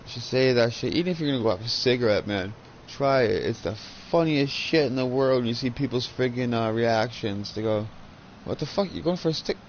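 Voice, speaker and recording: A man's voice: medium pitch, fairly quick, hardly any pauses, dull audio, slight background noise. A man in his thirties chatting casually while gaming, a profane, rambling storyteller on a headset. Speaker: gaming channel host.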